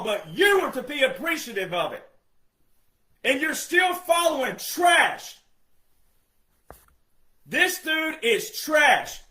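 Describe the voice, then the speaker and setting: A man with an unusually high, sharp voice delivers a heated monologue. He scolds his listeners, fires off rhetorical questions and often breaks into shouting. The sound bounces around an echoey room. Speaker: online commentator. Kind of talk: ranting monologue.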